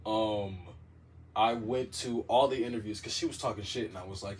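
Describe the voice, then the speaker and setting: A man telling a story in a casual monologue, animated and profane, with a dramatic delivery. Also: fairly low pitch, normal speed, far from the mic, slight background noise.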